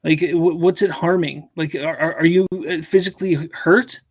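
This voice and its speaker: A man hosting a casual live-stream chat, talking in an animated, rambling way and often repeating his words. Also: a little high, moderate pace, breathy edge, dry recording. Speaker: host.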